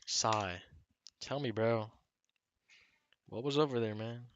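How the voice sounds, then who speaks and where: A man's voice: mid-range voice, slow, muffled recording. A man streaming a game live, chatting casually with viewers in a laid-back, teasing way and calling them "bro" constantly. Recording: loud game music behind the voice. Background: loud game music, keyboard clicks.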